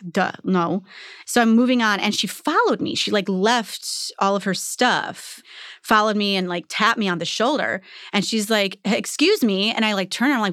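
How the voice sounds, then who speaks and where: A woman's voice: medium pitch, fairly bright tone, no echo. A chatty woman in her forties, a guest in an interview, telling her stories loosely with lots of fillers. She acts out the people she quotes. The recording is dry and close. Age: 40s. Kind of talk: casual storytelling conversation.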